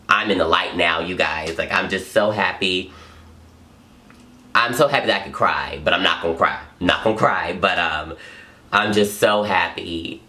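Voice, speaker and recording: A young man talks straight to his camera in an earnest, emotional vlog, gushing and repeating himself. His voice sits low yet sounds bright and forceful. He comes across as an open, heartfelt vlogger. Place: home in Los Angeles.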